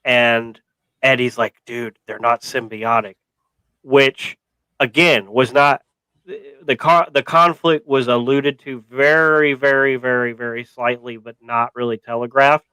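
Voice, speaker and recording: A man's voice: medium pitch, fairly even intonation, a little slow, pushed and bright, smooth, dry recording, poor audio. A man co-hosting a casual movie review podcast, rambling with wry asides. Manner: rambling, many fillers and restarts, wry. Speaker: podcast co-host.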